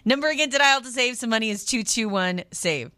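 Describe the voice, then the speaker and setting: A woman's voice: fairly high pitch, animated, brisk, sharp tone, no echo. A middle-aged woman hosting a casual radio deal segment, chatty and upbeat, drifting into tangents with laughs. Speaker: radio host. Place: radio studio.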